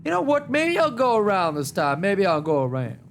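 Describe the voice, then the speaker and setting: A man's voice: fairly quick, slight background noise. A man streaming a game live, talking through it with joking trash talk. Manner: animated, joking trash talk at enemies, big pitch swings. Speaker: gaming streamer. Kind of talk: live gameplay commentary.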